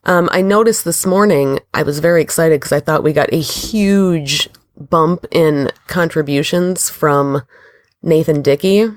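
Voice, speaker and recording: A woman co-hosting a podcast in a loose, joking, profane chat, her voice hoarse and raw from illness, sitting a little back from her mic. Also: sits low, unhurried, no echo. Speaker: podcast co-host. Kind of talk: casual chat. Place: lounging in a recliner chair at home. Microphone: desk mic placed a little away from her.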